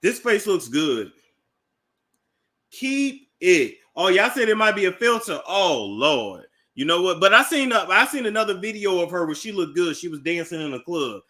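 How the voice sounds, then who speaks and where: A man with a Midwestern accent hosting a gossip livestream, talking straight to his chat in an animated, exclaiming way. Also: high voice, brisk, few pauses. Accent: Midwestern American. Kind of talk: casual commentary.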